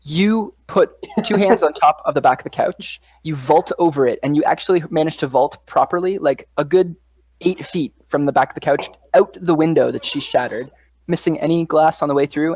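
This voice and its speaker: A man's voice: on the high side, darkish tone, no echo. A man running a tabletop game as game master, narrating scenes vividly with loose fillers.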